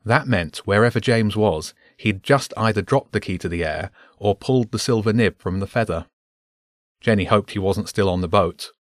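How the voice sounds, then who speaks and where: Male audiobook narrator, low-pitched, measured, dry close sound. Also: no echo.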